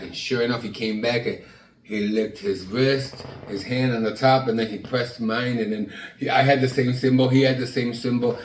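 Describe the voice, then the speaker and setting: A man's voice: medium pitch, brisk, distant mic. Storytelling man in an echoey room. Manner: animated, acts out the people in his story; trails off and restarts. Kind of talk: personal storytelling.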